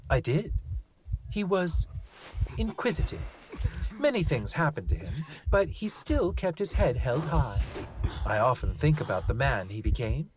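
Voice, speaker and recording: A reader voicing a gentle, wistful grown man in an audiobook. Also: mid-range voice, very animated, unhurried, music in the background, voice pushed up. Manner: soft and wistful. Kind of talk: audiobook character voice.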